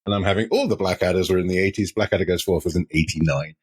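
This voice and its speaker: A man's voice: deep voice, rapid-fire, slightly rough. A man from the UK co-hosting a casual podcast chat, emphatic and swearing casually. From United Kingdom. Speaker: podcast co-host.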